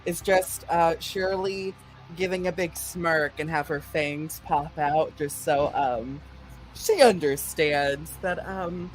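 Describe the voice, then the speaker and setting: A woman's voice: low-pitched, slow, soft background music. A woman playing a tabletop game, chatting in a casual, easygoing way. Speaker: player.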